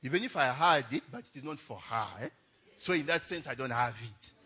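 A man's voice: medium pitch, lively intonation, a little fast, sharp tone. A young adult man, a pastor telling a story in a chatty sermon, laughing often and tagging lines with "eh?".

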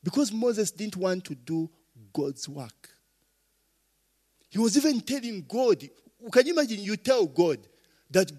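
Male preacher, high voice, slow deliberate delivery, call-and-response, reverberant hall. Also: sing-song, breathy edge. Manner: call-and-response questions, swinging loud to soft. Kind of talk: sermon.

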